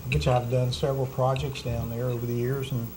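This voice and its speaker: A man with a mid-range voice chats easily across a dinner table as co-host. He pauses and repeats himself in a relaxed way. A faint hiss runs under the recording. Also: medium pitch. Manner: relaxed, halting, with fillers and repeats. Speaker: cooking show co-host. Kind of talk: casual chat over dinner.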